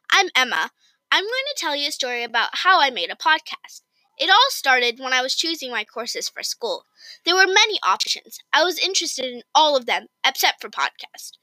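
High, bright woman narrator, very lively first-person read, dry sound. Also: no room sound, rough recording. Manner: expressive, excited storytelling. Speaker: storyteller. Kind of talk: reading a story aloud in first person.

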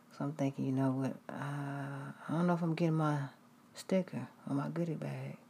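A woman preaching, telling a story in a lively way with frequent whispered asides. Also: very deep voice, normal speed, gravelly, slightly rough. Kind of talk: storytelling sermon.

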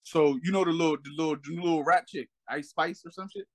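A man holds forth in loose podcast banter, swearing freely and leaning on "you know what I'm saying." When he retells a clip he acts out each person, his voice leaping high and dropping low. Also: fast. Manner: animated storyteller, acts out quotes with big pitch jumps. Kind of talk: casual chat.

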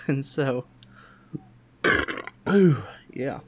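A man's voice: slow pace, long pauses. A man, telling a family story in casual chat and acting out the quotes in raised voices. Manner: animated, acts out quotes in higher voices, laughs often. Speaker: podcast host.

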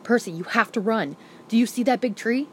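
A woman voicing a worried, protective mother in an audiobook reading, giving measured and deadly serious instructions. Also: fairly high pitch, slight background noise, voice pushed up, lightly acted. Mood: grave.

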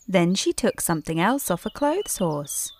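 A woman reading a bedtime story aloud in a gentle, unhurried voice. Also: on the low side, very animated, no echo.

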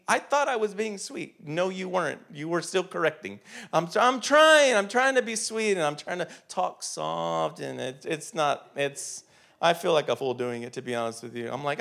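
High-voiced man preaching emphatically. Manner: emphatic, shifting from loud urging to soft confiding. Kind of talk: conversational sermon.

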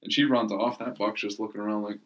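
A man co-hosting a podcast, telling stories in a relaxed way with casual swearing. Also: lowish voice, fast. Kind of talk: casual chat.

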